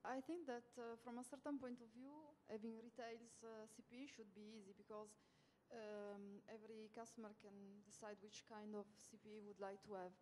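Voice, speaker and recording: A woman with an Italian accent, a non-native speaker of English, speaking on a conference panel and pausing often with "uh" fillers. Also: a little high, flat delivery, a little hiss or hum. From Italy. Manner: hesitant, many "uh" fillers, soft laughs. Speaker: service provider panelist.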